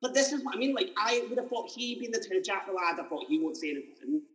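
A man's voice: sits high, lively intonation, fast, fairly bright tone, long reverb tail, low-quality recording. A man in his twenties hosting a casual chat interview, telling stories animatedly and acting out the voices of people he quotes. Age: 20s. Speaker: podcast host.

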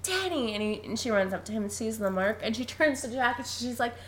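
Talking fast in a slightly high voice, a young woman co-hosting a podcast chats through a film recap, laughing frequently and voicing the characters' lines with animation.

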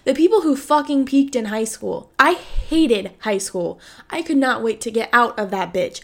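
Young woman, podcast host, candid monologue, blunt and sweary, lots of "like", slightly high voice. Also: lively intonation, brisk. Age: 20s. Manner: frank, swears freely, lots of "like" fillers. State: has the hiccups.

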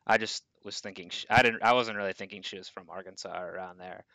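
A man co-hosting a casual movie podcast, with a bright, forceful voice recorded close and dry. He sounds animated and argues back with energy, and his pitch sits a little low. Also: fast, no echo, low-quality recording. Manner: animated, pushes back in debate. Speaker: podcast co-host.

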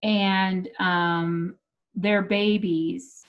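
A woman's voice: medium pitch, steady tone, very slow, muffled recording. A woman retelling a story loosely in a casual chat, with some swearing.

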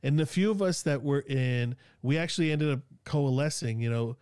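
A man's voice: mid-range voice, moderate pace, darkish tone, clear, resonant tone, no echo, studio quality. A man from Sacramento with a Northern Californian accent, chatting casually and rambling with lots of fillers and slang. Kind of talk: casual chat.

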